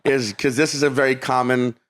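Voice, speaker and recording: A man's voice: mid-range voice, fairly quick. A man from Louisiana, a comedian guest on a podcast, telling stories casually with acted-out voices and swearing. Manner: animated storyteller, acts out voices, profane.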